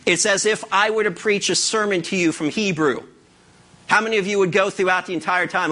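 A man preaching a sermon as pastor, lively and conversational, acting out what imagined listeners would say. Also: sits high, brisk. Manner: animated, acts out imagined listeners.

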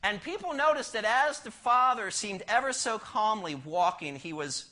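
A male pastor delivering a sermon with emphatic, rhetorical questions, swinging between soft and loud delivery and between fast and slow. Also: high voice, animated.

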